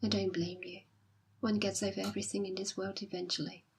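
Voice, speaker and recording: Jilted young woman, dignified and quiet, breathy husky timbre, as voiced by a woman reader. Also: mid-range voice, flat delivery, a little fast. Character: jilted young woman, proud and self-sacrificing. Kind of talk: audiobook reading.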